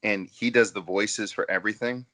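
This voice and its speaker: A man co-hosting a podcast, chatting casually over drinks in an animated, rambling way with lots of fillers and restarts. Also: on the low side, moderate pace. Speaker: podcast co-host.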